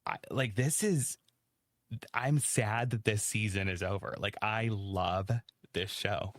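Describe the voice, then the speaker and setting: A man's voice: fairly low pitch, takes it slowly. A man from Kentucky hosting a podcast, chatting casually and gushing with emphasis. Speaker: podcast host. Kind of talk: casual chat.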